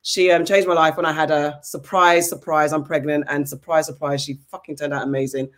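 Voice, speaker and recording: A woman's voice: sits low, fairly quick. Woman host in her 40s, blunt and profane, casual podcast storyteller. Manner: blunt, swearing, animated storytelling. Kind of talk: casual chat.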